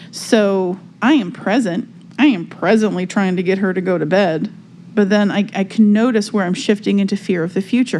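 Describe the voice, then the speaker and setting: A woman's voice: mid-range voice, darkish tone, slight background noise. A woman co-hosting a casual spiritual podcast chat, talking reflectively and searching for words with many fillers. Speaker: podcast co-host.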